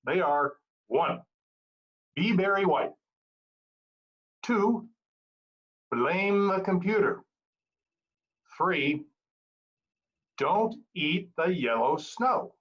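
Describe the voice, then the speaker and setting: A man giving a prepared, humorous club speech with an animated storytelling delivery. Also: high-pitched, very slow, long pauses, dull audio. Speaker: Toastmasters speaker.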